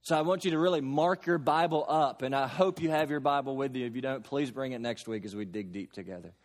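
A pastor from Kentucky preaching a sermon, emphatic, with slow stressed phrases and homely everyday examples. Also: male voice, medium pitch, long reverb tail.

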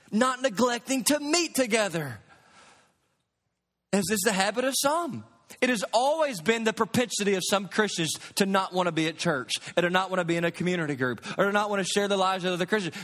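A high-pitched man preaching with a drawl, his voice carried by a long reverb as in a large church sanctuary. He pushes loud on his points, then drops low and quiet, in an animated sermon delivery. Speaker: pastor.

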